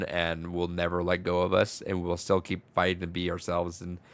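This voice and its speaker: A man's voice: low-pitched, a bit bright, smooth, no room sound. A man co-hosting a podcast, telling a story in rambling casual chat, restarting his words and swearing freely. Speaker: podcast co-host.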